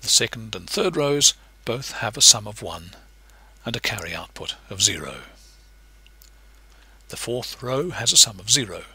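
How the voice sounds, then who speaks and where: A man's voice: normal speed, slightly rough, dry recording. A man giving a recorded lecture, explaining patiently step by step. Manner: patient, explanatory, lively pitch shifts.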